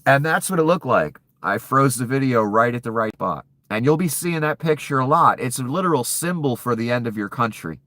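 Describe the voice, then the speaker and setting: A man's voice: medium pitch, animated, a little fast, hardly any pauses, a bit bright, no room sound. Male commentator, furious profane rant with sarcasm, dry close recording. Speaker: political commentator. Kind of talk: angry political rant.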